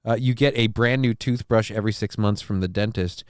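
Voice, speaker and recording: A brisk, lowish, clean-toned male voice with no echo belongs to a live-stream host chatting casually from a basement room in his home. He's an adult and the father of a six-year-old, speaking into a close desk mic. A sinus infection has him congested, so his rambling, crude, joking talk is full of sneezes and sniffs.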